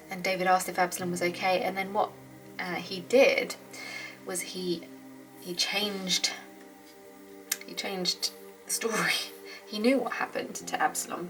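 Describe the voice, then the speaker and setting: A woman's voice: on the low side, level tone, measured pace, pauses often, low-quality recording. A woman hosting a Bible study, reading old scripture aloud and then commenting in an earnest, heartfelt way as she thinks aloud. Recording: clear background music under the voice.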